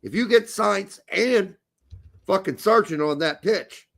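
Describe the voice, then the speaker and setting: A man's voice: high-pitched, lively intonation, takes it slowly, vocal fry, a bit bright. A man co-hosting a casual soccer podcast, blunt and crude, talking emphatically. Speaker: podcast co-host.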